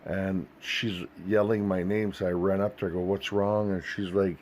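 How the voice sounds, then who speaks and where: A man's voice: deep voice, flat delivery, normal speed, a little mellow, slight background noise. A man earnestly recounting a vivid dream in a searching, storytelling way. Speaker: Christian video host.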